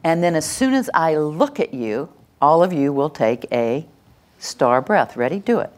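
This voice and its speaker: An older woman presenting a live workshop, lively and demonstrative, acting out examples and leading the audience through exercises. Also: low-pitched, unhurried. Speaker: workshop presenter on calming children. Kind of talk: live teaching talk to an audience.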